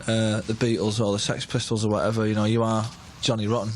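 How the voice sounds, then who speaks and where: Quick, chatty man with faint background hum. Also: lowish voice, level tone. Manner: chatty, conversational. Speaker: interviewee.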